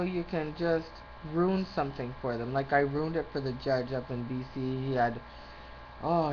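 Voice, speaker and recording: A woman in a rambling monologue. She loses her train of thought and rants indignantly. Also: deep voice. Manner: indignant, ranting. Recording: slightly muffled with faint background noise.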